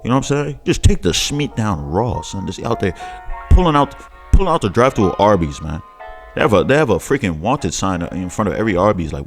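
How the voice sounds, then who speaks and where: A man's voice: on the low side, big pitch swings, a little fast, soft background music. A man hosting a reaction video, talking in a mocking, sing-song way with stammering restarts. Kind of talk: casual mocking commentary.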